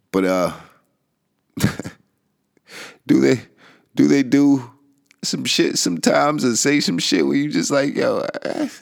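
A man's voice: mid-range voice, vocal fry. A man hosting a casual solo podcast, rambling and swearing, laughing often and trailing off into mumbles. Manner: rambling and profane, with frequent laughs and restarts. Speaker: podcast host.

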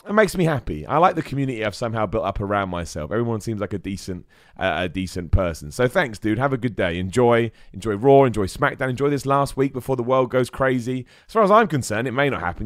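A man's voice: mid-range voice, animated, fairly quick, no room sound, studio quality. A young man hosting a live wrestling podcast, chatting loosely and reading out viewer messages. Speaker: podcast host.

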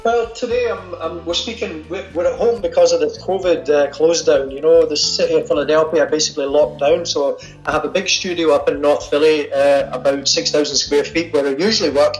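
A man's voice: fairly high pitch, a little fast, soft background music, low-quality recording. A man from Scotland with a Scottish accent, a sculptor chatting easily as a guest in a remote interview from his attic studio at home. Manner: easygoing, chatty, laughs easily. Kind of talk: casual interview over a call. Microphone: remote call.

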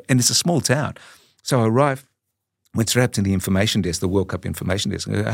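An Australian man in his sixties, a podcast guest telling stories in a lively, animated way. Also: fairly low pitch, brisk, vocal fry, no echo, studio quality. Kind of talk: casual storytelling.

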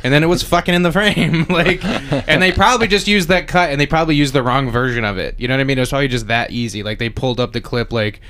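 A young man with a mid-pitched voice jokes around on a podcast. He gets excitable, laughs easily, and pops into high, silly voices to act out quotes. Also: quick pace, few pauses, clean tone. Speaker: podcast co-host. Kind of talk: casual chat.

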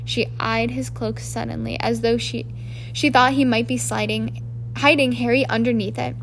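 A woman reading a book aloud as an amateur narrator, in a halting way with frequent restarts. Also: a little high, steady tone, slight background noise. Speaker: audiobook narrator. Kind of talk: audiobook reading.

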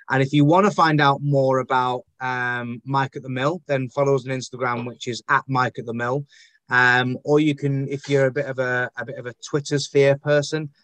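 A man's voice: mid-range voice, a bit bright, no echo. A man with a Northern English accent, a guest actor and poet talking casually in a podcast interview, rambling and self-deprecating with lots of fillers. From Northern England.

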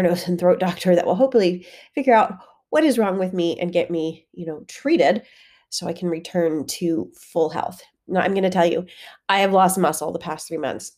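Woman, solo podcast host, stuffy head-cold voice, warm, lowish, chatty with fillers. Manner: candid, conversational, with frequent fillers. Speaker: fitness coach and podcast host.

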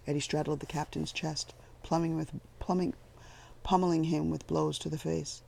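Gravelly, even-toned male narrator. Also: a little high, moderate pace. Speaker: audiobook narrator. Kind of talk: scripted narration.

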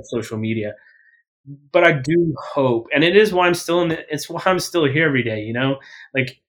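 Blunt, rambling man on a podcast. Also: medium pitch. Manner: self-correcting and full of verbal fillers. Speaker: podcast guest. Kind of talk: casual interview talk.

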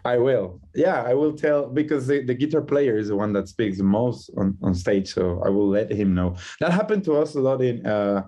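Chatty Spanish-native musician guest. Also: male voice, mid-range voice, lo-fi sound. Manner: chatty and animated, with frequent "like" and quick laughs. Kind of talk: casual interview over a call. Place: in Madrid, recorded remotely.

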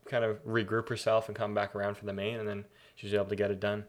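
A man co-hosting a podcast in relaxed casual chat, chiming in with short agreements. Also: fairly low pitch, fast talker. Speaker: podcast co-host.

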